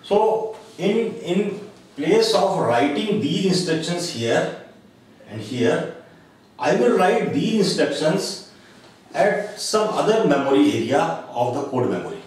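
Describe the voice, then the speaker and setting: A man delivers a recorded lecture slowly and deliberately, pausing often and filling gaps with hesitations. His voice sits fairly high. The recording is very echoey, with the speaker well away from the mic and faint noise underneath. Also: sing-song, darkish tone. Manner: slow, deliberate explaining with frequent pauses and uh fillers. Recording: very echoey room, voice from a distance, faint background noise.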